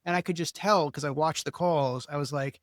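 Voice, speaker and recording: A man's voice: on the high side, brisk, dry recording, clean studio sound. A man from the Philadelphia area hosting a podcast, chatty and self-assured, rambling with many fillers. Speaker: podcast host. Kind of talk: casual interview talk.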